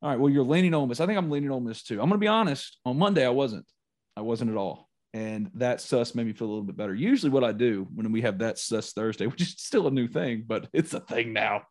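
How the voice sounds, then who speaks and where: A middle-aged man hosting a casual sports podcast, telling stories animatedly with dramatic, shouted re-enactments. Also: medium pitch, expressive, fast talker. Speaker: podcast host.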